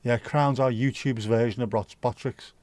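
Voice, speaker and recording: Middle-aged Scouse male streamer, loose rambling sweary chat, mid-pitched, dry sound. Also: steady tone, moderate pace, a little mellow, no echo. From Liverpool, England. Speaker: livestream host. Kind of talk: casual chat to live chat.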